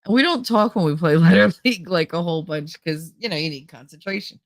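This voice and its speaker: Talking fast in a lowish voice, a woman with a New Jersey accent rambles through a casual livestream chat, laughing frequently. A stuffy nose makes her a little nasal, and there's no room sound.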